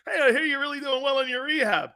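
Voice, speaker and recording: A man's voice: very high voice, fast talker, bright, forceful tone, pitched above the performer's own voice, heavily acted. A man impersonating a football coach who pretends to be a cheerful local caller, chummy and laughing.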